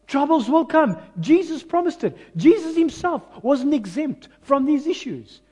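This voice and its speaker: A South African pastor preaching a sermon with an Afrikaans-mixed accent. He talks to the congregation conversationally, pokes fun at himself, and swings between loud, emphatic lines and hushed ones. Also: very high-pitched, very animated, a little slow. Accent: South African, mixing in Afrikaans. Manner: self-mocking, conversational asides to the congregation.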